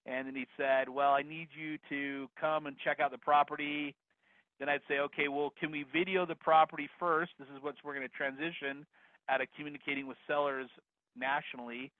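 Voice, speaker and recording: An upbeat real estate investing instructor teaches a live online course, speaking energetically and directly to attendees. His voice is fairly high and a little fast, with no echo, over dry, phone-like video call audio.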